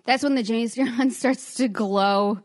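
A woman's voice: a little high, unhurried. A woman co-hosting a podcast, chatting casually, chiming in and laughing at herself. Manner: laughing, chiming in, self-deprecating. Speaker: podcast co-host. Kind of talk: casual chat.

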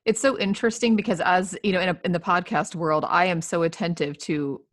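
Female podcast host, earnest and effusive, lowish voice, dry close mic. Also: fairly even intonation, fairly quick, no room sound. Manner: earnest, effusive, repeats words. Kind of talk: casual interview chat.

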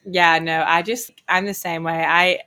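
Chatty young woman with a low voice. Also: steady tone, a little slow, pushed and bright. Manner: rambling storyteller, many fillers, often laughing. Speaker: podcast co-host. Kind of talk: casual chat. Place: Hawaii.

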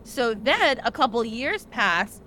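A young woman hosting a podcast retells an old tale casually, chatty and animated and full of "like" fillers. Her voice is on the high side and her pace slow, with slight background noise.

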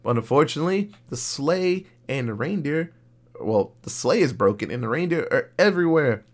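Animated young man recapping a cartoon. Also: fairly high pitch, normal speed. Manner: animated, profane plot retelling. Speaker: podcast co-host. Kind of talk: casual podcast chat recapping an episode.

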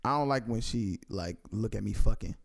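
A man's voice: lowish voice, normal speed, vocal fry. A young man from Cleveland chatting casually with friends, acting out quotes as he tells stories. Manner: animated storyteller, acts out quotes. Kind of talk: casual chat.

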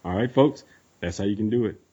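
A man's voice: lowish voice, fairly quick, mellow, slightly rough, highs cut off. A man co-hosting a podcast in casual chat, laid-back, laughing often and leaning on fillers. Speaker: podcast co-host.

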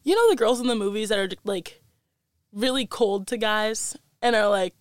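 A young woman co-hosting a podcast in casual chat, talkative and quick to laugh, acting out her own thoughts as she tells stories. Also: medium pitch, no room sound, studio quality. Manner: chatty, laughs often, acts out her own quoted thoughts. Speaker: podcast co-host.

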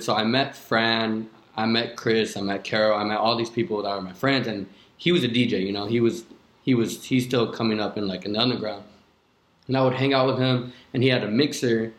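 A young man, a DJ guest on a podcast, telling his story in a loose, casual way, swearing often and filling with "like". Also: lowish voice. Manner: loose, swears a lot, many "like" fillers. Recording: echoey room.

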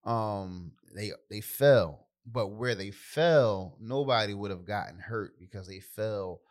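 Male podcast co-host, lowish voice, relaxed and easygoing. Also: takes it slowly. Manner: laid-back, easygoing, chimes in with short replies. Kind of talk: casual chat.

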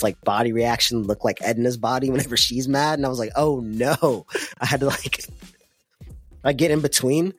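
Young male co-host, casual storyteller, mid-pitch voice, faint music bed. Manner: animated storytelling, says "man" often. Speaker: podcast co-host. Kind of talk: casual chat.

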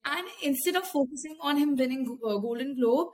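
A woman's voice: high voice, a little fast, a little mellow. A woman, co-hosting a podcast, speaking thoughtfully in casual chat with many hesitations. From India. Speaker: podcast co-host.

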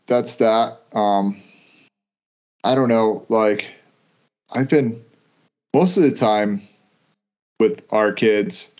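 A man's voice: fairly low pitch, muffled recording. A man co-hosting a podcast in casual chat, talking loosely with lots of "like" and restarts. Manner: loose, halting talk full of "like" and restarts. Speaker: podcast co-host.

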